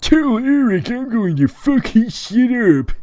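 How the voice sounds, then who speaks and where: A man voicing a belligerent teenage boy who screeches threats in a strained high voice. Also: big pitch swings, takes it slowly, dark tone, exaggerated voice. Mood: shouting.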